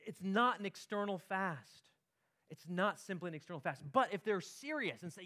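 Male pastor, slightly high voice, chatty sermon delivery with repeated words and tag questions. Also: animated, quick pace, a bit bright.

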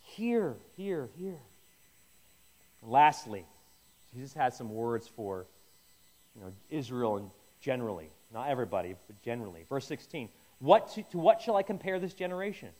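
A man's voice: on the high side, big pitch swings, normal speed, a little mellow. A man leading an informal Bible teaching, conversational and jokey, often stopping and restarting mid-sentence. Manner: conversational, self-interrupting, jokey asides. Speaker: pastor.

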